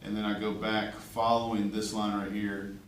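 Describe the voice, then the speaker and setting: A man's voice: fairly low pitch, little pitch movement, normal speed. A male art teacher, chatty and joking as he demonstrates a drawing and checks in with his class. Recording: echoey classroom from far off, faint room noise.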